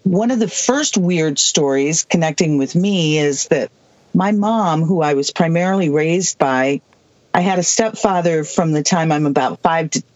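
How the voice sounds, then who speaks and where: A person in their sixties from the US Southwest, telling a personal story as an interview guest, halting, with many restarts and asides. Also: medium pitch, dry recording. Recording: dull lo-fi dry recording.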